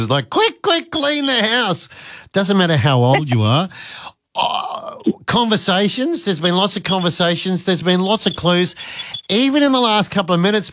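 A man, hosting a radio show and chatting with callers in a jokey, animated way. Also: a little high, no echo, studio quality. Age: 50s. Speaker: radio host. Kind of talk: casual radio chat with callers. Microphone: studio microphone.

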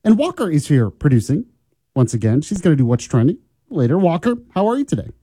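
Guy hosting morning talk radio, dark mellow voice, lively pitch, dry studio. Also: fast talker, husky, no echo. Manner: opinionated, chatty, teasing. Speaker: radio talk show host.

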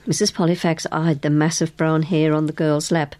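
A woman narrating an audiobook with an expressive storytelling manner. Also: low-pitched, normal speed, hardly any pauses, dry recording.

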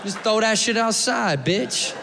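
A high-voiced man performing stand-up, lively and profane, bouncing between his own voice and mocking impressions. His mic echoes through a long-reverb hall. A crowd laughs and murmurs behind him. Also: a little slow, gravelly. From United States. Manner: animated, profane, mimics people in funny voices. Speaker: stand-up comedian. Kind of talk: stand-up comedy set. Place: comedy club stage. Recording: live club mic, echoey hall, audience noise. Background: audience laughter.

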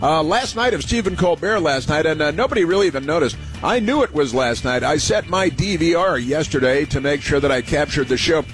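A man's voice: on the high side, lively intonation, a little fast, hardly any pauses, soft background music. A man hosting a call-in radio show, talking in a rambling, opinionated monologue full of fillers and repeated phrases. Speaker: radio talk show host.

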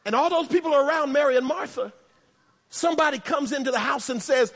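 A man preaching in a very high, bright, ringing voice, his words trailing off into the long reverb of a big church sanctuary. He keeps the sermon conversational and laced with humorous asides, jumping from loud emphasis to hushed tones. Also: fast. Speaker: pastor. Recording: long reverb of a large hall.

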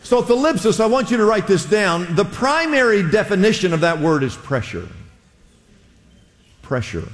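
Pastor preaching in a reverberant hall. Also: male voice, high-pitched, very animated, moderate pace. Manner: conversational, asks the congregation to repeat words. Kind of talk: sermon.

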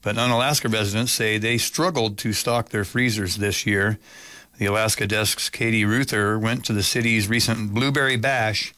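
Bright-voiced male news anchor. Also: fairly low pitch, fairly even intonation, normal speed, no echo. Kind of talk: read news bulletin.

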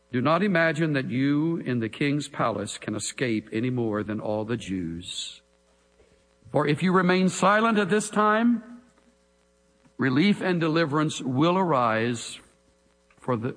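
A man preaching a sermon in a dramatic way, moving between hushed lines and emphatic calls. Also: mid-range voice. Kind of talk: expository sermon. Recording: long hall reverb.

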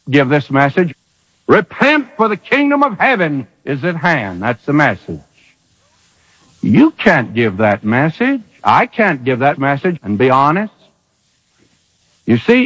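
A man delivering a sermon in a high voice that leaps up and down in pitch. He fires off rhetorical questions and lets dramatic pauses hang, and the sound carries a long hall reverb on an old radio recording. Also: a bit bright, muffled recording. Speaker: preacher.

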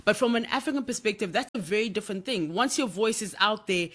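A woman's voice: medium pitch, expressive, quick pace, a bit bright. Chatty woman hosting a radio interview. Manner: chatty, with fillers and restarts. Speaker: radio host.

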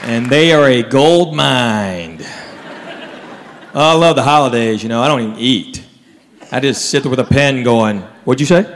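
A man's voice: medium pitch, measured pace, long pauses, crowd noise, noisy background. A man telling stand-up stories with punchlines and voices for his relatives. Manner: storytelling with punchlines, mimics relatives. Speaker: stand-up comedian. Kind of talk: stand-up comedy routine. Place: comedy club stage with audience. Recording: live stage recording in a reverberant room with audience.

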